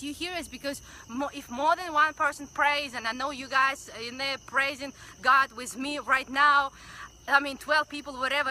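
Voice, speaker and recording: A woman hosting a Facebook Live stream, chatting excitedly with viewers and leading a prayer of thanks. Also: sits high, a little hiss or hum, low-quality recording. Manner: excited, gushing, greets viewers by name. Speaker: community livestream host. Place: outdoors by a building, livestreaming. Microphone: phone livestream.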